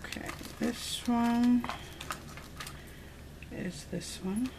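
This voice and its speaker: A woman's voice: a little high, very slow, gravelly. A woman vlogger chatting casually as she shows off a nail-art haul, gushing and thinking aloud. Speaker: beauty vlogger. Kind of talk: casual unboxing chat. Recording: noisy home recording.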